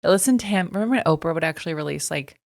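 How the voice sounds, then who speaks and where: A woman's voice: low voice, lively intonation, rapid-fire, vocal fry. A woman hosting a podcast, chatting casually in a bubbly, talkative way and laughing often. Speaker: podcast host. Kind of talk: casual interview chat.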